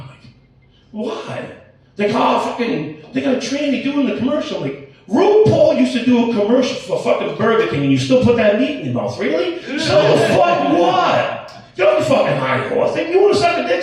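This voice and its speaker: A man's voice: extremely high pitch, darkish tone. A man in his late forties doing a crude, rambling open-mic stand-up set, full of swearing and self-interruptions. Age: 40s. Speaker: stand-up comedian. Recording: echoey room, mic at a distance.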